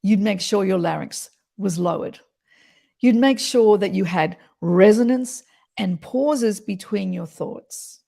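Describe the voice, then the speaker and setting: Woman, voice coach, expressive, demonstrating, interview chat, fry in the voice. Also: medium pitch, slow. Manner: expressive, demonstrates voice qualities while explaining.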